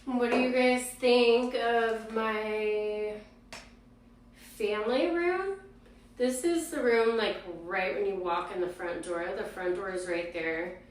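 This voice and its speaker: A woman vlogging casually about her days, tired and out of breath, speaking softly. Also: mid-range voice, fairly even intonation, roomy sound, distant mic, slight background noise. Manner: weary, speaking softly and slowly. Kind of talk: casual personal vlog. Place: hospital room, then home.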